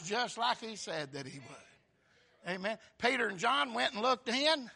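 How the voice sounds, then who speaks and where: An older preacher with a high, very bright, piercing voice. He delivers a sermon, dropping to low murmurs and then leaping into shouted, high-pitched exclamations. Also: lively intonation, a little slow, gravelly, slightly rough.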